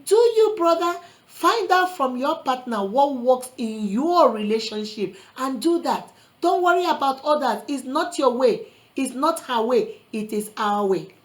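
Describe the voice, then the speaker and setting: A woman's voice: high voice, animated, a little slow, rough recording. A woman vlogger giving earnest relationship advice in a preachy motivational talk, quoting scripture and calling listeners sister and brother. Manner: quotes scripture.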